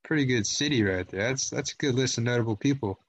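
A man's voice: medium pitch, fast talker, slightly rough. A man co-hosting a casual sports chat, rambling along with lots of fillers and restarts. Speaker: podcast co-host.

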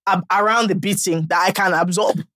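A woman with a Nigerian accent, co-hosting a podcast in casual chat, animated and leaping into high exclamations as she tells stories. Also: brisk, dry recording, studio quality. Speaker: podcast co-host.

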